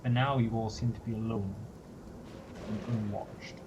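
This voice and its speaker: Dry-humored game master, muffled noisy line. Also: male voice, on the low side, steady tone, a little slow. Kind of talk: narrating a tabletop game. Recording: dull, noisy online call audio.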